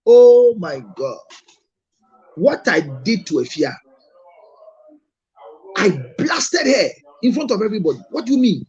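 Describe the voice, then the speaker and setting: A man's voice: high-pitched, very animated, moderate pace, long pauses, husky, lo-fi sound. A Ghanaian man, a marriage counselor, telling stories to an audience and scolding with rhetorical questions. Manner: scolding, rhetorical questions, mixes in Twi phrases. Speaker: marriage counselor and show host. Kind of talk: lively storytelling talk to an audience.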